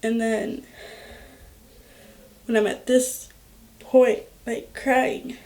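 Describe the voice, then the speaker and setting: A young woman vlogger telling a personal story in a slow, halting way, full of filler words. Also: a little high, little pitch movement, a little mellow. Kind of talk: storytime vlog.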